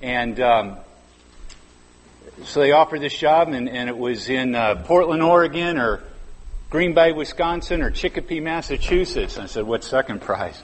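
In a church sanctuary with a big-room sound, a pastor in his fifties preaches conversationally, stretching out key words for emphasis. His medium-pitched voice has lively intonation and a moderate pace.

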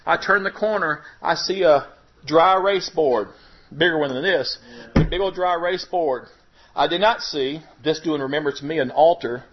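Emotional man giving testimony, lo-fi. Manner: emotional, voice rising and breaking at high points. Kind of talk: personal testimony. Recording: dull lo-fi recording.

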